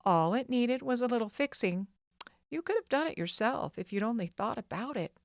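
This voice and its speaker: A woman's voice: fairly high pitch, lively intonation, normal speed, dry recording, clean studio sound, pitched above the performer's own voice. A woman voicing a friendly, easygoing boy in an audiobook, speaking offhandedly. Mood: offhand. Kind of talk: audiobook character voice.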